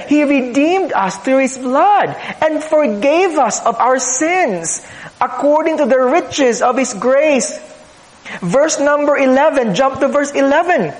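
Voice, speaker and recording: A man's voice: very high voice, expressive, slow. A man preaching a sermon as pastor, teaching earnestly with rhetorical questions and repeated phrases. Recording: echoey hall, long reverb.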